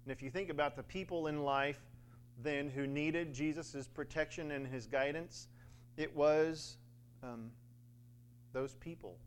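A man's voice: on the high side, measured pace, slight background noise. A man preaching a sermon in a conversational way, with fillers and little acted-out quotes.

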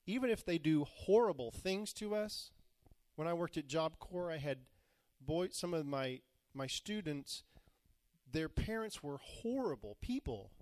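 A man's voice: a little high, darkish tone, no echo. A man preaching a sermon, retelling scripture in plain, modern words and acting out the quoted voices. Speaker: pastor.

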